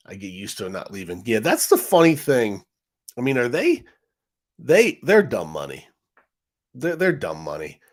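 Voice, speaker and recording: A man hosting a casual livestream, talking straight to his viewers in a frustrated, rambling way. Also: on the low side. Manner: frustrated, rambling, talks to chat directly. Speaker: live stream host.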